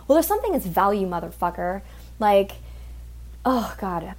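A woman's voice: big pitch swings, normal speed, long pauses, darkish tone. A woman telling a story about her work as an exotic dancer in a casual monologue, swearing often and sounding fed up. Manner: profane, exasperated, swearing often; ranting with sudden pitch jumps.

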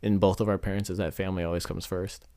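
Young man, relaxed co-host, low voice, dry close sound, laughs often. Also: quick pace, clean tone, dry recording. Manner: laid-back, laughs while talking, swears. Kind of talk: casual chat.

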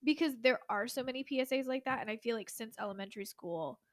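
Podcast co-host, woman in her 20s, chatty and giggly, slightly high voice. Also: fast talker, no echo. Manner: chatty, giggly, many "like" fillers. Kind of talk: casual chat.

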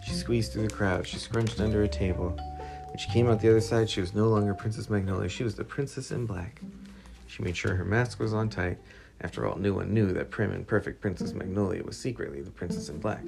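Children's story reader, man, low gravelly voice, music under. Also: a little fast. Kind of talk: children's story read-aloud. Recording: clear music playing underneath.

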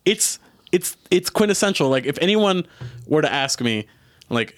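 A young man with a fairly high voice, speaking a little slowly with no room sound, co-hosts a podcast in casual chat. He jokes and laughs often, breaking into animated bursts.

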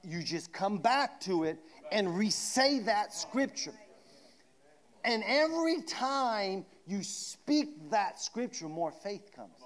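A man preaching a sermon, swinging from shouted declarations down to hushed asides. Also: high voice, big pitch swings, slow pace.

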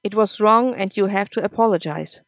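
Woman reader doing a steady, firm grown man; patient, lecturing. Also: mid-range voice, normal speed, no room sound, close to an everyday voice. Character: calm, firm adult man, family elder brother.

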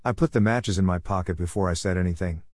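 A man narrating a storybook in a steady, plain reading voice. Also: low-pitched, quick pace, no room sound, clean studio sound.

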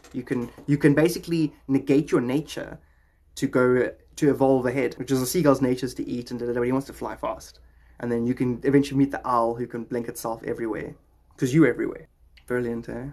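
A man hosting a podcast, rambling in a jokey, philosophical way. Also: medium pitch. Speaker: podcast host. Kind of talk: rambling casual talk.

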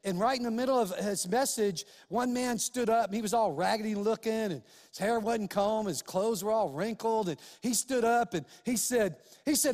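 A man's voice: high-pitched, normal speed, hardly any pauses, in a large hall. A man preaching a sermon as a story, acting out the voices of the people in it. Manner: animated storytelling, acts out quoted voices.

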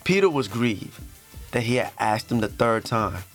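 A man's voice: mid-range voice, big pitch swings, measured pace, faint music behind. A man hosting a faith podcast, talking earnestly and reading scripture aloud, with fillers and restarts and moments where he is close to tears. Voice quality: emotional, near tears at times. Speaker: podcast host.

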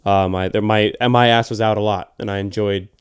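A man's voice: lowish voice, steady tone, fairly quick, clean tone. A man in casual podcast chat among friends, laid-back and swearing often.

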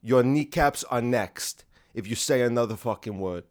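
A man putting on a voice as an Italian-American mobster, growling threats in a low, quiet, drawn-out tone. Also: no echo, clean studio sound, close to an everyday voice. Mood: menacing. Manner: slow, drawn-out menacing delivery.

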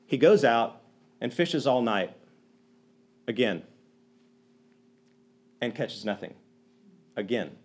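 A man's voice: mid-range voice, takes it slowly, pauses often, breathy edge. A man preaching a conversational sermon, retelling a story with restarts and acting out the characters' lines. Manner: animated, acts out quoted lines, many restarts.

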